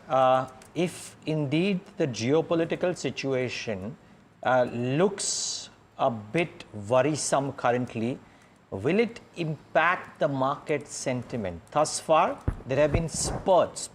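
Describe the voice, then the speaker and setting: A man anchoring a live business news show, asking a guest questions quickly with many hesitations. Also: medium pitch, a little hiss or hum.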